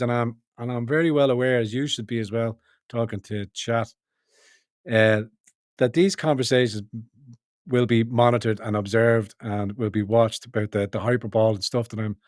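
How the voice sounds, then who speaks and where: A man's voice: medium pitch, darkish tone, dry recording. Guy ranting on his stream, swears a lot, keeps restarting, dry sound. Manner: emphatic, profane, rambling with restarts. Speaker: livestream host. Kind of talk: rambling political commentary.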